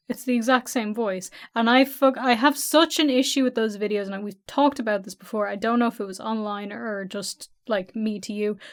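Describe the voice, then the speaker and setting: Chatty woman co-hosting a podcast. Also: a little high. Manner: chatty, laughs often, blunt. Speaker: podcast co-host. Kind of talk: casual podcast chat.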